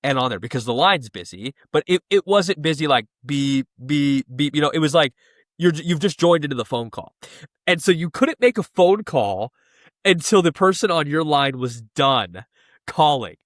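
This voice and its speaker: A young man co-hosting a podcast in easy, animated chat, his voice sitting a touch high and bouncing all over the place. He laughs often and slips into quoted voices. The sound is close and dry, with no room around it. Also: moderate pace, dry recording. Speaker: podcast co-host. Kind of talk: casual chat.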